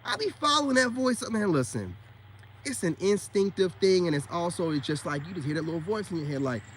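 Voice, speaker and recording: A man's voice: high voice, lively intonation, brisk, a little hiss or hum. Emphatic man preaching in street slang. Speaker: self-styled spiritual coach. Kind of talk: casual preachy monologue to camera.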